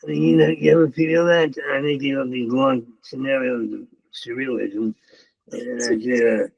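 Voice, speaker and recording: Stammering older comedian, gravelly voice. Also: male voice, medium pitch, fairly even intonation, moderate pace, dry recording, rough recording. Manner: heavy stammering, repeats words, rambling. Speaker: comedian guest. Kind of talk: storytelling interview.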